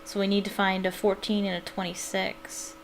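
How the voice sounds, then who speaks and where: A woman's voice: mid-range voice, monotone, moderate pace, slight background noise. A young woman casually commenting on a puzzle game, musing aloud and hesitant, with many fillers. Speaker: let's play gamer.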